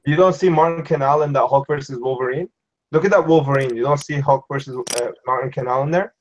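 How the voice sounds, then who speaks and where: A man's voice: medium pitch, quick pace, a little hiss or hum. A man on a collectors' panel, talking in a rambling way and often asking "you know what I mean". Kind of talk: casual panel chat. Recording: dull lo-fi sound.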